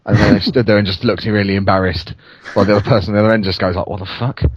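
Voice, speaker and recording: A man's voice: on the low side, fairly even intonation, racing, slightly rough, muffled recording. A young man casually telling a story about his job to friends, acting out the quotes. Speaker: podcast guest. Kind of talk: casual group chat.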